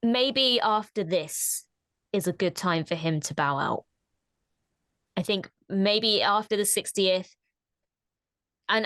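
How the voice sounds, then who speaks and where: A woman's voice: mid-range voice, a bit bright, no echo, studio quality. A woman co-hosting a casual discussion, who talks thoughtfully and often restarts her sentences. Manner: thoughtful, hesitant, many restarts. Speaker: co-host.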